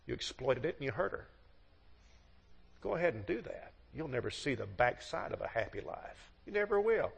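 A man's voice: mid-range voice, very animated, moderate pace, gravelly, breathy edge. A man giving a sermon to a congregation, telling folksy stories and acting out the voices of the people in them. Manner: folksy storytelling, acts out quoted voices. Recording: long hall reverb.

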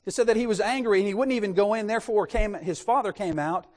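A man preaching a sermon in an animated way, putting rhetorical questions to his congregation. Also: high-pitched, fast, big-room sound.

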